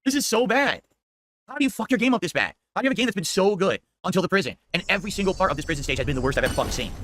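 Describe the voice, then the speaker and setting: A man's voice: high-pitched, sing-song, rapid-fire, a little hiss or hum. A man streaming a game, ranting and swearing constantly about how bad it is. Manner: ranting, heavily profane, complaining. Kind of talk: live gameplay commentary. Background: loud game music.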